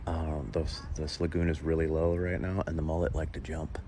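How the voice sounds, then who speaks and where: A man's voice: extremely low pitch, little pitch movement, normal speed, dark tone. A man hosting a casual walking livestream outdoors by a beach lagoon on a plugged-in mic, chatting and answering viewer comments with nervous laughs. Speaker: livestream host. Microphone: plugged-in mobile mic while walking. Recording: outdoor wind and nature noise.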